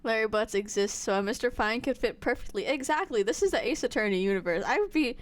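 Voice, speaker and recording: A woman's voice: on the high side, fast, slight background noise. A young woman streamer giving casual, giggly let's-play commentary while reading a game aloud. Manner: giggly, animated.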